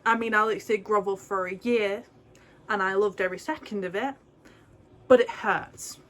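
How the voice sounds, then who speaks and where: A woman's voice: medium pitch, steady tone, normal speed, a bit bright. A young British woman chatting casually to camera as a book vlogger, gushing and rambling with asides. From Britain. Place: home, indoors.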